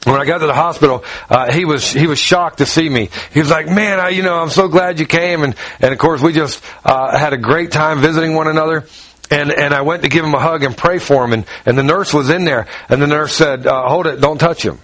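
A man's voice: fairly high pitch, brisk, fairly bright tone, no echo, low-quality recording. A man preaching a sermon in a conversational way, often repeating words as he tells stories.

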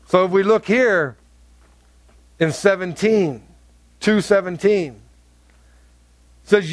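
High-voiced emphatic male pastor preaching. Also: expressive, takes it slowly, pauses often, dry recording. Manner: emphatic preaching with wide swings in pitch and volume. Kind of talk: sermon.

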